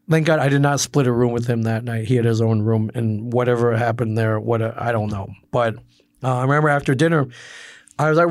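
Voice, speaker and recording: A man's voice: medium pitch, brisk, darkish tone, no echo, studio quality. A man from Michigan, perhaps in his thirties, casually recalling memories in a rambling way with many restarts and quoted asides. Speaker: comic book personality sharing memories. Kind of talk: casual storytelling.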